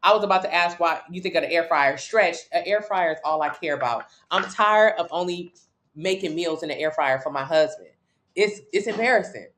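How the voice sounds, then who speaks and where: A woman's voice: lowish voice, normal speed, a bit bright. A woman from Miami with a Southern US accent, a fitness coach chatting candidly and with swearing on a casual live stream. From Miami, Florida. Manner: candid, profane, gossipy and chatty.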